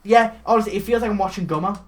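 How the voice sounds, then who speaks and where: A man co-hosting a casual comedy podcast, animatedly recapping a bad movie with lots of swearing and quick character impressions. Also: sits high. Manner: animated, swearing, mimics characters mid-story. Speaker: podcast co-host.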